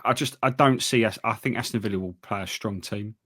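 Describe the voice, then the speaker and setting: A man co-hosting a casual football podcast, talking in a wry, halting way with frequent restarts. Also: fairly low pitch, fairly bright tone. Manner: wry, hesitant, trails off and restarts. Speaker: podcast co-host.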